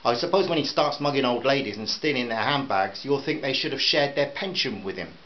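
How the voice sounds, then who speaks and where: A man's voice: medium pitch, lively intonation, a little fast, muffled recording, natural voice. A man voicing an angry, indignant mother who snaps and raises her voice. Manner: snapping, raised voice.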